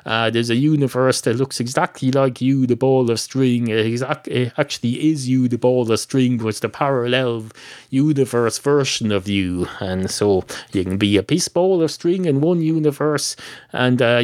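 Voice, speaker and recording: A man's voice: mid-range voice, moderate pace, no echo, studio quality, lightly acted. An Irish man voicing a chatty, puzzled male cat who thinks aloud. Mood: musing. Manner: rambling, pondering aloud.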